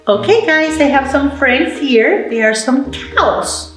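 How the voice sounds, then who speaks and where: A woman leads a baby storytime, drawing her words out very slowly in a lively, bouncing sing-song. She sounds like she is in a roomy space with a noticeable echo, and faint music sits behind her. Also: sits high. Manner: slow, sing-song and encouraging, switching between English and Spanish words. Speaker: children's librarian. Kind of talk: baby storytime with songs and rhymes.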